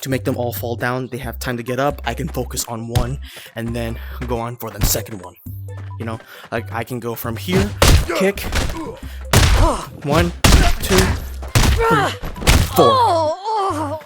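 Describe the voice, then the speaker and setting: A man casually explaining moves while playing a game, a bit out of breath, chatty and quick to laugh. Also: medium pitch, level tone, over loud music. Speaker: VR gameplay creator. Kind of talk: casual gameplay tutorial.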